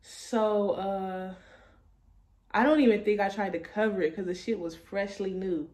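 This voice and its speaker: A woman's voice: medium pitch, a little slow, darkish tone. Young woman telling a blunt, profane story. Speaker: vlogger. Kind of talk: casual storytime monologue.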